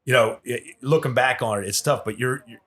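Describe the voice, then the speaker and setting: A male podcast co-host with a bright, forward voice that sits slightly higher than average. He chats casually and drops in brief comments from his own experience. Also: fairly quick. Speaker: podcast co-host, military veteran. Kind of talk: casual chat.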